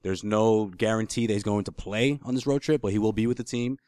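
A man co-hosting a casual sports podcast, quick and hyped with lots of slang. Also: lowish voice, darkish tone, no room sound, studio quality. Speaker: podcast co-host.

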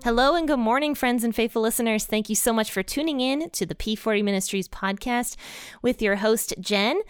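A woman's voice: fairly high pitch, a little fast, smooth, no echo, clean studio sound, faint music behind. A woman hosting a faith podcast, talking in a bubbly, enthusiastic way with frequent laughter. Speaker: podcast host.

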